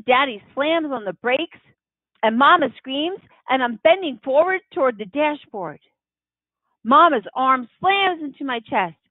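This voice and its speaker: A woman reads a children's novel aloud at a slow, unhurried pace, her voice rising and falling with the story. The sound is thin and tinny, like a phone line, with no room around it. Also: a little high, dry recording. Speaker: audiobook reader. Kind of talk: reading a children's novel in first person.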